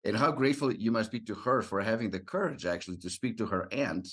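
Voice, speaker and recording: Earnest low-voiced male podcast host. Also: a bit bright, husky. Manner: earnest, encouraging, halting with restarts. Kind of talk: interview conversation.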